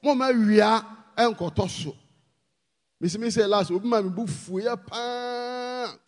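Ghanaian man, preacher, unhurried delivery, pleading, bursts of shouting, reverberant hall. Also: sits high. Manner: pleading, rising to shouted emphasis. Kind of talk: sermon.

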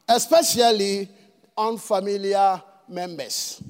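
A man's voice: high-pitched, unhurried, long reverb tail. A man with a Ghanaian accent preaching a sermon in a church, switching between English and Twi and prompting the congregation to answer. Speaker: pastor.

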